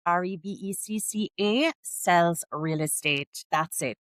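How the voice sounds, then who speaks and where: A middle-aged woman from Jamaica, a podcast guest telling stories in casual, animated chat full of "like" and "you know". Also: on the low side, slow, no room sound. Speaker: guest, real estate agent.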